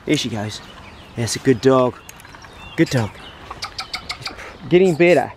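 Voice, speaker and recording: A man training his dog outdoors on rural land, chatting and explaining as he goes, with high-pitched calls and praise for the dog. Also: expressive, slow pace, slight background noise, rough recording. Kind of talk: casual outdoor training demo.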